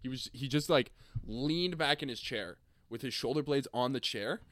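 A man's voice: medium pitch, moderate pace, no room sound, clean studio sound. A man co-hosting a casual podcast, telling stories with lots of laughter and acting out what people said. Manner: laughs often, animated storytelling with acted-out quotes. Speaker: podcast co-host.

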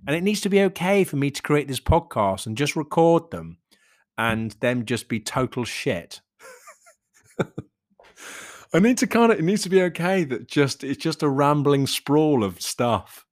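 A man's voice: on the high side, sing-song, measured pace. Rambling reflective man, podcast monologue. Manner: rambling, reflective, swears casually, laughs often. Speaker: podcast host and coach.

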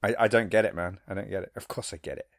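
A man's voice: lowish voice, very fast, dry recording, clean studio sound. A man co-hosting a podcast in casual chat, breaking into playful impressions and silly voices. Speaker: podcast co-host.

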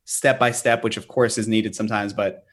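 Male podcast guest, low voice, earnest and explanatory, plenty of fillers. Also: steady tone, normal speed, fairly bright tone. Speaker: business owner, podcast guest. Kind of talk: podcast interview.

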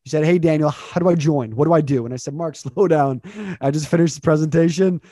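A man's voice: a little high, quick pace, dark tone, dry recording, clean studio sound. A man hosting a motivational interview as a communication coach, talking with energy and stacking repeated questions.

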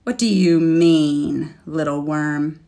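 A woman voicing a huge, wicked, boastful male dragon in a storybook, speaking in a slow, sneering, menacing way. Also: low voice, fairly even intonation, mellow.

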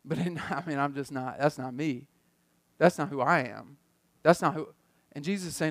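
A man's voice: high-pitched, moderate pace, dry recording, studio quality. A man preaching a sermon as pastor, telling the story in a loose, conversational way and often repeating words as he thinks.

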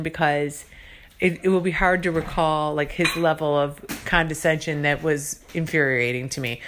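A woman's voice: deep voice, a bit bright, slight background noise. A woman hosting a podcast, telling a story in a chatty, exasperated way, full of "like" and "you know.". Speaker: podcast host. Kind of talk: casual storytelling monologue.

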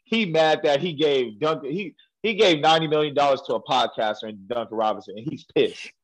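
A man co-hosting a casual sports podcast, animated and ranting, quick to laugh. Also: on the high side, poor audio. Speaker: podcast co-host.

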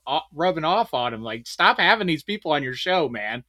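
A man's voice: a little high, sing-song, fairly quick, pushed and bright, no room sound. A man in a casual podcast chat, laid-back and swearing, laughing often.

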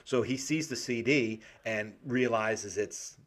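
A man's voice: medium pitch, slow pace, fairly bright tone. A man co-hosting a casual chat, retelling a film's plot with lots of swearing and acted-out quotes. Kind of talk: casual movie recap chat.

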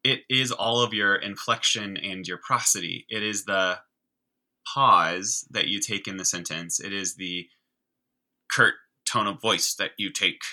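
A man's voice: fairly low pitch, unhurried, pushed and bright, low-quality recording. A man, a guest who teaches sign language, explaining eagerly and chattily in a conversational podcast interview.

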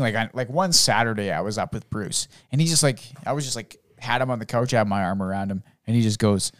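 A man in his thirties in casual chat, telling lively, profane stories about his son and acting out the boy's lines. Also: on the low side, brisk, few pauses, no room sound, studio quality. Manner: animated storyteller, swears freely, acts out his son's voice.

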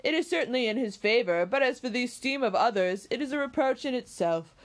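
A woman voicing a witty, stubborn young gentleman who banters in a quick, teasing way. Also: fairly high pitch, lively intonation, voice pushed up, natural voice, poor audio. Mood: mocking.

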